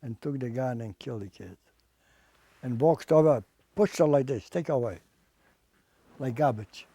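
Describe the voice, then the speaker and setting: Older man giving halting testimony. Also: medium pitch, warm tone, breathy edge, no room sound. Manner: halting, repeats words, plain non-native English. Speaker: Holocaust survivor and artist. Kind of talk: personal testimony.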